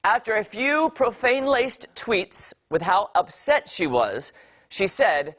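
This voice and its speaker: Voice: medium pitch, very animated, slow, fairly bright tone. An entertainment news host on a morning TV show, chatty and opinionated. The host speaks straight to viewers with emphatic, fired-up commentary and a mid-range voice. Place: TV studio.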